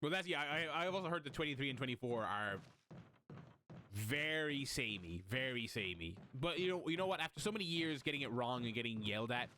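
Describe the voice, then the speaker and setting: An Irish man chats loosely while he plays, rambling and swearing freely. His voice is bright and lively, moving all over the place in pitch. A faint hiss sits under the desk mic. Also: a little fast. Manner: rambling, swears a lot, laughs loudly. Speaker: streamer. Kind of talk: casual gameplay commentary.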